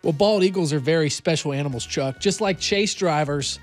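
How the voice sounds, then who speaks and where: A man's voice: on the high side, normal speed, faint music behind. A man co-hosting a casual sports podcast, jokey and mock-earnest. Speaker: podcast co-host. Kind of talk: casual chat.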